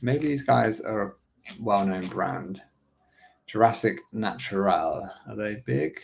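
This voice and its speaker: A man coaching online sellers in a casual screen-share walkthrough, thinking aloud and tossing in quick "right?" asides. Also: on the low side, creaky.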